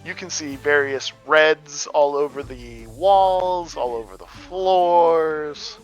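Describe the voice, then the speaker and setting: A man's voice: fairly high pitch, slow pace. A man from the American Midwest running a tabletop game as game master, narrating loosely with plenty of fillers. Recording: dull lo-fi audio, faint music.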